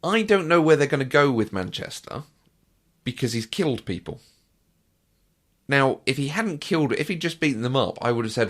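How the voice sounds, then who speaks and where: In a casual TV review chat, a man co-hosting a podcast walks through the show's plot in a dry, easygoing way. His mid-range, slightly bright voice has lively intonation and a moderate pace.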